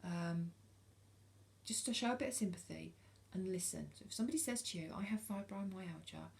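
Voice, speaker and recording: A British woman in her forties speaks frankly to camera in a low, gravelly voice. She hesitates often, filling gaps with ums and restarting her sentences as she talks. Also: fairly quick, darkish tone. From United Kingdom. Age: 40s. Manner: frank and earnest. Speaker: vlogger. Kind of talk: casual talk to camera.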